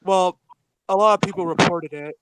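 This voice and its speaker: A man's voice: high-pitched, normal speed, background noise. A man as a guest on a casual podcast, recounting events loosely with fillers like "you know".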